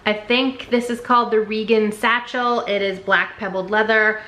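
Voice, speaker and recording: A woman's voice: medium pitch, fairly even intonation, normal speed, pushed and bright. A woman casually showing thrifted items she resells, chatty and full of fillers, often unsure how brand names are said. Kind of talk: casual haul vlog. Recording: echoey room.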